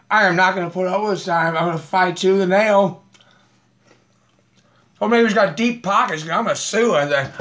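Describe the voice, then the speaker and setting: Combative and aggrieved, a man rambles through a live video chat, eating as he talks and laughing frequently. His voice is high-pitched and a bit bright.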